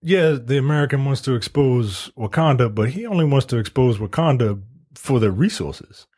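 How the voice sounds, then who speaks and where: Man, husky podcast co-host, animated pitch, emphatic delivery. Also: normal speed. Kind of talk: casual chat.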